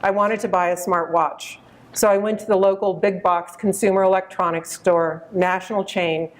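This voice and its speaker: A woman in her fifties giving a conference keynote, measured and storytelling, addressing the audience directly. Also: medium pitch. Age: 50s. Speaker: keynote speaker.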